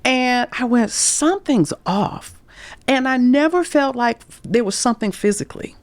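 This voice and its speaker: Telling candid stories on a podcast, a middle-aged career coach speaks at a moderate pace in a voice on the high side. She animatedly performs the quoted speech and occasionally whispers, recorded without any room sound.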